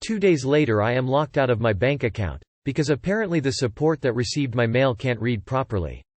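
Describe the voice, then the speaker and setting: A man narrating online posts aloud with an even, steady read-aloud delivery. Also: medium pitch, brisk, no echo.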